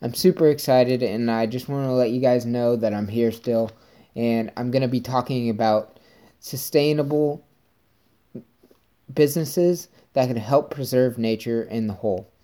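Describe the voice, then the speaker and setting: A man hosts his own podcast and rambles through a story in an upbeat, chatty way. His voice is mellow and relaxed, sitting in a middle pitch. He talks to his listeners like friends. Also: moderate pace. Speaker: podcast host. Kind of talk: casual solo podcast monologue.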